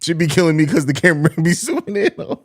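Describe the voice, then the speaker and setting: A man's voice: a little high, sing-song, fast talker. A man hosting a live pregame sports stream, bantering in slang and laughing often. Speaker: podcast host.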